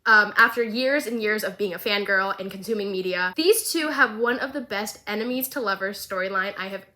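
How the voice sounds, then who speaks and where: Bright, excitable young woman vlogger. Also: mid-range voice, a little fast. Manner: excitable, gushing and jokey, swinging loud. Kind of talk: comedic show recap.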